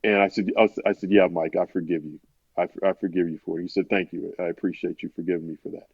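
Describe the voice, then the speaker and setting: Deep, slightly rough, and fast with fairly even intonation, a sportswriter guest recounts an interview story in a rambling, conversational way. He restarts often and quotes others in his own voice, on dry, dull podcast audio.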